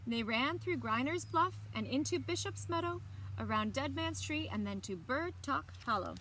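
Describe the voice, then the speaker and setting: A librarian reading a picture book aloud to children, expressive and animated. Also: female voice, high-pitched, normal speed, a little hiss or hum. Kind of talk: children's story time read-aloud.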